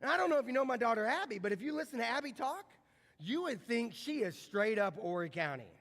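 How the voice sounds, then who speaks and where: Middle-aged man, high-pitched, chatty sermon delivery, church livestream with a long hall echo. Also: very animated, fast talker, a bit bright. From American Midwest. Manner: conversational, repeats words, asks the crowd questions. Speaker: pastor. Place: large church sanctuary.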